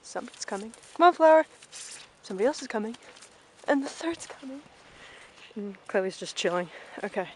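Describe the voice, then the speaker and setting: A woman's voice: medium pitch, expressive, fairly quick, pauses often, slight background noise, poor audio. A young woman casually vlogging an outdoor farm tour on a handheld camera, chatting and calling out to her ponies.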